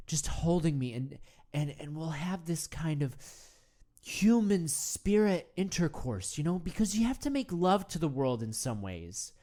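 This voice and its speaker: A woman hosts a comedy meditation show in a deep, mellow voice. Improvising a monologue, she plays an earnest male self-help guru who rambles on and keeps restarting through stammers.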